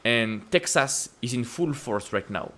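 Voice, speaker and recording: A man with a French accent hosting casual stock-market commentary, asking emphatic rhetorical questions and jumping up in pitch to stress points. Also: animated, measured pace, a bit bright. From France. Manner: emphatic, repetitive rhetorical questions with sudden upward pitch leaps. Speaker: investing channel host.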